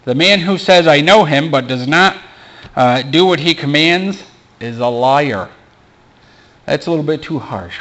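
A man's voice: on the high side, lively intonation, a little slow, pauses often, a bit bright, muffled recording. Man preaching casually with joking asides. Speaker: pastor. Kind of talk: informal sermon. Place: small church.

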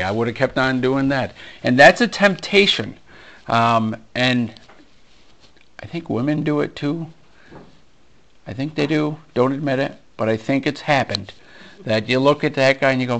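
A male pastor preaching a sermon, animated and storytelling, acting out conversations with frequent ums and restarts. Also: mid-range voice. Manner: animated storyteller, acts out dialogue, many fillers. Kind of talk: sermon with personal stories.

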